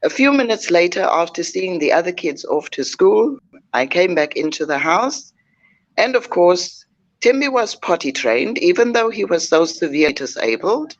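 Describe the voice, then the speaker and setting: An older woman, a guest telling a personal story in a measured, heartfelt way with frequent pauses. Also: lowish voice, big pitch swings, muffled recording. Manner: measured, heartfelt, pausing often.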